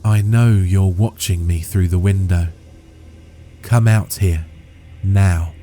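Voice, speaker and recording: A man voicing an eerie masked little boy who talks softly and calmly in a ghostly way. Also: low voice, slow pace, slight background noise. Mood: menacing. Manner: soft, ghostly.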